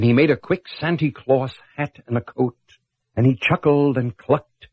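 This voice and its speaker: A man's voice: medium pitch, unhurried, husky, dry recording. An older man narrating a rhyming storybook in a rhythmic, playful way, building up on repeated words. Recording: dull lo-fi cassette with music.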